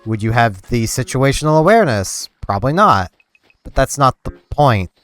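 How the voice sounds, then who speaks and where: While playing a game on his channel, a young man rambles in a relaxed way, peppering his speech with "like." His voice is medium-pitched at a moderate pace, and faint game music plays behind him.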